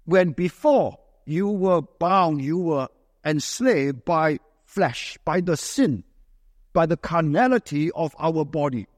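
Preacher in a reverberant hall. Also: male voice, fairly high pitch, animated, slow pace, studio quality. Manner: conversational preaching with frequent rhetorical "right?" checks. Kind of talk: sermon.

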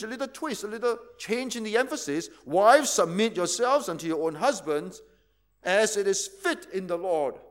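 A male pastor, preaching a teaching sermon, asking rhetorical questions and repeating key words for emphasis. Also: sits high.

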